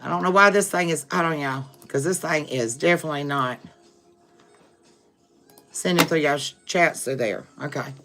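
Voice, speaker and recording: A woman gives a live-stream tarot reading, chatty and familiar with her viewers, calling them "baby" and "boo", ending lines with "okay?" and laughing often between remarks. Her voice is deep and fairly bright, at normal speed with frequent pauses, over soft background music from a livestream setup.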